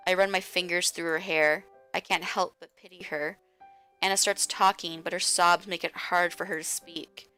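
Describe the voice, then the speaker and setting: Woman streamer reading a visual novel, hushed and slow, faint game music. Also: lowish voice, fairly even intonation, clear, resonant tone.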